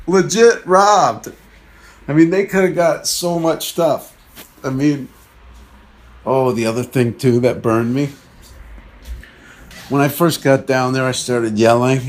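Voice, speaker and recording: A man hosting a podcast, telling a meandering comic story in a chatty way and acting out other people's lines. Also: medium pitch. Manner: chatty, meandering, acts out quoted voices. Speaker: podcast host. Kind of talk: rambling comic monologue.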